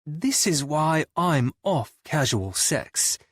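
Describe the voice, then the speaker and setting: A man's voice: on the high side, sing-song, slow pace, fairly bright tone, dry recording, clean studio sound, pitched above the performer's own voice, exaggerated voice. A man playing a breezy, cocky drummer. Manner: breezy, wisecracking. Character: cocky young male drummer, restless charmer. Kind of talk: audiobook character voice.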